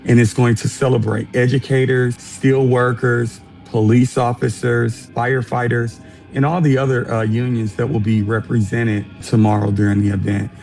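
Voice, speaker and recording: A man who is a union vice president, answering interview questions in a steady, earnest way. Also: mid-range voice, normal speed, creaky, faint music behind, rough recording.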